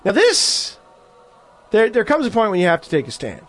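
A man's voice: sits high, huge pitch swings, moderate pace, faint music behind. A man hosting a podcast, ranting in a casual, profane and sarcastic way. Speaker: podcast host.

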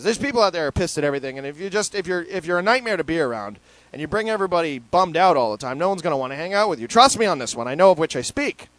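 A man hosts his podcast alone, still getting over a cold. His voice sits high and swings widely in pitch as he rants. His profane, opinionated talk is broken up by mocking impressions of other people. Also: fairly bright tone. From Canada. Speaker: podcast host. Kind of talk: rambling solo monologue.

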